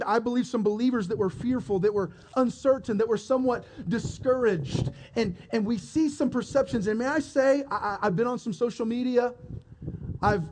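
A man preaching a sermon, retelling a story with lively acted-out voices and frequent restarts. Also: sits high, a little hiss or hum. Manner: animated storytelling, acting out characters, repeated restarts. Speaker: pastor.

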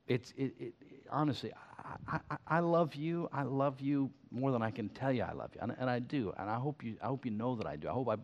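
Older pastor preaching, folksy and fired up, lots of stammery restarts, kinda muffled. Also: male voice, mid-range voice. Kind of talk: sermon. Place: church. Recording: slightly muffled sermon recording.

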